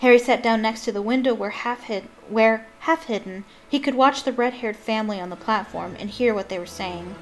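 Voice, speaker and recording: A woman's voice: a little high, brisk, few pauses. A woman reading a novel aloud expressively, breaking off for chatty asides with ums.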